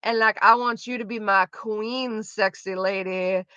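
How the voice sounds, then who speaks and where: A woman loosely voicing a smug, seductive male villain lord in her own bright voice. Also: mid-range voice, steady tone, unhurried, clear, resonant tone, dry recording, muffled recording. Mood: mocking. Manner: mocking paraphrase.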